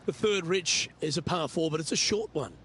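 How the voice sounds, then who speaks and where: Man, higher voice, smooth broadcaster calling golf shots play-by-play. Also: normal speed, a bit bright. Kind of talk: studio golf commentary.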